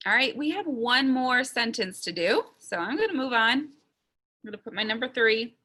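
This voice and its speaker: A woman from Ohio teaching a slow early-grade writing lesson, sounding out letters and words deliberately. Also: fairly high pitch, animated, pushed and bright. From Ohio, USA.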